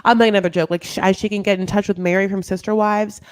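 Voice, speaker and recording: A woman gossips her way through a reality show recap, casual and loaded with filler words, calling listeners "honey." She talks quickly in a level, medium-pitched voice with gravelly vocal fry and no echo.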